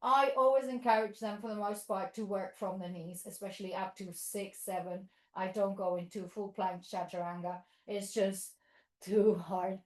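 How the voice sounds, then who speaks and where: A woman demonstrates yoga for fellow instructors, encouraging them through poses and slipping in playful animal sounds for children. Her mid-range voice holds a steady tone at normal speed, though the recording is rough and echoey.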